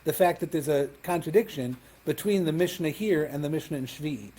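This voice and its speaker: A rabbi leads a Talmud class, explaining each text step by step and checking that his students follow along. His voice is mellow and sits a little high for a man, and he mixes Hebrew and Aramaic terms into his plain talk. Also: fairly quick, slightly rough.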